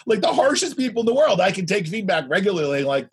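A man in his fifties, a guest telling a story in a loud, animated way. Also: high-pitched, brisk, hardly any pauses, husky. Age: 50s. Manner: animated, speaks loudly. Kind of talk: anecdotal storytelling.

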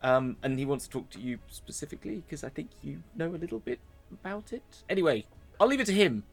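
A man's voice: a little high, sing-song, fast talker, vocal fry, faint music behind, voice pushed up, heavily acted. A man voicing a flustered man who rambles, stammers and keeps correcting himself. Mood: hurried.

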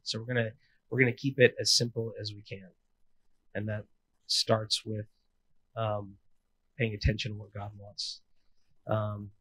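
A man in his thirties preaching a sermon in a casual, animated way, with playful asides. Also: fairly low pitch, rough recording. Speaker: pastor.

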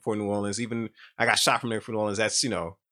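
Fast-talking man, bright voice. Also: on the low side, level tone. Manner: rambling, many fillers and restarts. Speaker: guest telling his story. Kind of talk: casual storytelling.

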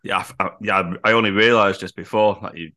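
Deep, bright-voiced man recapping. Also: brisk. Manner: animated retelling, acts out quotes. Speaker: podcast co-host. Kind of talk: casual wrestling recap chat.

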